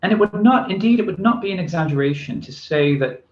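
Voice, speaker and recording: A man's voice: high voice, animated, quick pace. A man giving a recorded university lecture, speaking with many fillers and restarts. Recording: echoey room, dull lo-fi sound.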